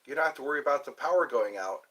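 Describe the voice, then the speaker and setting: An older man hosting a live stream, chatting casually with viewers in a rambling, playful way and slowly sounding out their names. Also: medium pitch, animated, a bit bright, slightly rough, low-quality recording.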